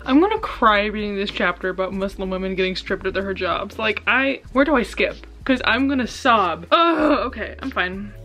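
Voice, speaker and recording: A woman's voice: mid-range voice, expressive, moderate pace, hardly any pauses, bright, forceful tone, faint music behind, poor audio. A young woman vlogging her live reactions to a book, gasping, shrieking and swearing freely, recorded on a camera at home. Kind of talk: casual reading reaction vlog. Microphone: camera on a stand.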